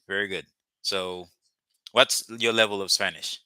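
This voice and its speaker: A man teaching a live language lesson, patiently repeating words slowly for learners. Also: fairly low pitch, fairly even intonation, pushed and bright, clear, resonant tone, no echo.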